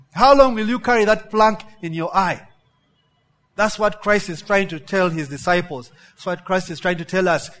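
High-voiced man preaching with emphatic repetition. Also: a bit bright. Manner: preaches with frequent rhetorical "yeah?" check-ins to the congregation; emphatic, repeats words for stress. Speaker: pastor. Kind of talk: sermon.

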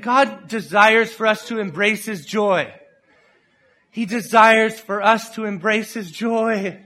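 A middle-aged man preaching a sermon, animated and playful, acting out other people's voices and laughs as he tells stories. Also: sits high.

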